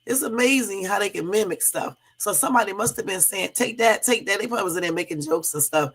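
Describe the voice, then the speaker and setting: A woman's voice: mid-range voice, quick pace, fairly bright tone, slightly rough. Chatty woman hosting a casual livestream. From Southern California. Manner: chatty, laughing, addresses viewers as y'all. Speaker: livestream host.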